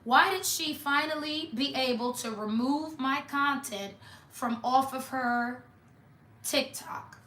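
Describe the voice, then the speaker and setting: A woman's voice: sits high, slow, pushed and bright, reverberant. A woman doing a casual tarot reading for viewers, talking in a blunt, mocking, sassy way. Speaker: tarot reader.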